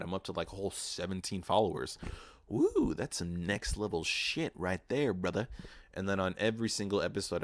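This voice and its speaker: A young man hosting his own podcast, ranting casually and profanely with animated mock voices. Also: low-pitched, dry recording. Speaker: podcast host. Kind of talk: casual solo podcast rant. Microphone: podcast microphone.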